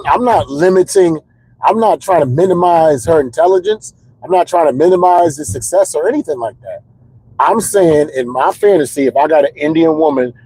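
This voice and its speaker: A man's voice: on the high side, mellow, breathy edge, no echo, rough recording. A stand-up comedian telling candid, rambling comedic stories in casual chat, repeating words as he builds the jokes.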